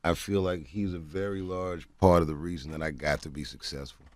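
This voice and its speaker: A man's voice: sits low, a little fast. A man telling stories as a comedian, on stage and in talk-show chats, laughing often and slipping into quoted dialogue. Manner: laughing, animated storyteller who breaks into quoted dialogue. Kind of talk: stand-up and talk-show storytelling. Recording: noisy compilation clip.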